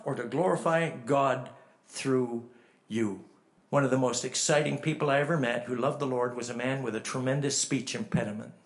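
A man with a voice on the high side preaches a storytelling sermon. He swings from hushed to emphatic and asks the listeners direct questions.

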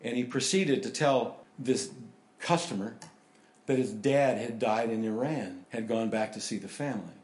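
A middle-aged man preaching a sermon, telling stories and swinging between loud animated bursts and hushed, earnest passages. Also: medium pitch, normal speed. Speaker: pastor. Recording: roomy, echoey hall.

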